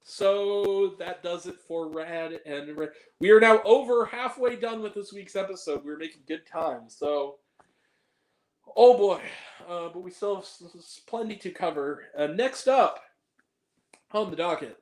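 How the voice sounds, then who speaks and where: Rambling, profane movie-review host. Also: male voice, high voice, expressive, measured pace. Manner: rambling, profane, many fillers and restarts. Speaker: film review show host. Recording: echoey room.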